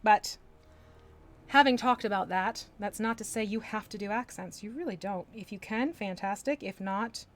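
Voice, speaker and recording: A chatty woman talking through her painting on a live stream. She laughs often and drifts into playful voices, with an ordinary mid-range pitch. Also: moderate pace. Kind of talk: casual live-stream chat while painting.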